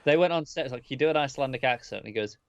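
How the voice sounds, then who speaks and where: A man's voice: medium pitch, rapid-fire, creaky, dry recording. A laid-back man co-hosting a casual show review, mostly giving short replies. His voice comes through slightly muffled and lo-fi, recorded close and dry. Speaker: podcast co-host.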